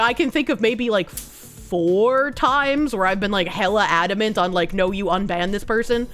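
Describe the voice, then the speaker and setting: A woman's voice: fairly high pitch, a bit bright. A woman streamer casually chatting and reading donation messages, with loose, profane banter and frequent laughter.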